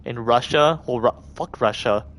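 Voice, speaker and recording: A man's voice: medium pitch, normal speed, fairly bright tone. Frustrated cursing man streaming a game. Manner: frustrated, swearing, talking to himself. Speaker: gaming streamer. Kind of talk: casual live-stream commentary.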